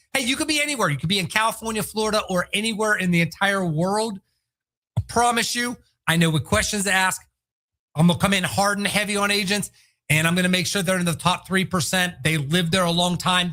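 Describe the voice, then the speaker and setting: A man with a high, bright voice hosting a solo real estate show. He talks in an energetic, hard-selling way that swings between quick pushes and drawn-out emphasis. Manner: energetic, salesy, breaks into shouted impressions. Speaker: podcast host, real estate agent.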